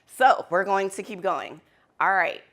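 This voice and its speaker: A woman facilitating a workshop in a conference room, talking to the audience in a candid, animated way and laughing easily. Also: mid-range voice, measured pace. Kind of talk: interactive workshop talk.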